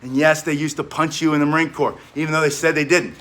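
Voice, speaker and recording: High-voiced energetic male fitness coach. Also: fast. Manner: energetic, chatty, laughs while telling stories; coaching directions mid-exercise. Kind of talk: spoken workout instruction with war stories.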